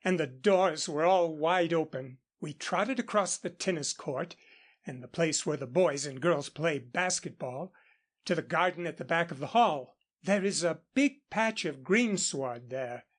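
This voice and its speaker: A man reading a classic novel aloud as an audiobook in a steady, even narration. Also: a little high. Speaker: audiobook reader. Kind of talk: scripted narration.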